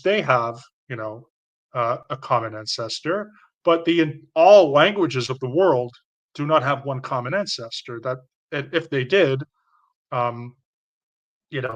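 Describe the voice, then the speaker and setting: A Canadian man hosts a live stream and lectures off the cuff. His voice is bright and sits at a middling pitch. He rambles through his points with plenty of fillers and restarts.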